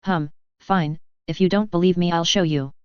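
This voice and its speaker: A woman's voice: lowish voice, steady tone, normal speed, clear, resonant tone, no echo, lightly acted. A woman voicing a prickly, blushing teenage girl who scolds curtly, in a dull lo-fi recording. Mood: huffy. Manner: curt, scolding.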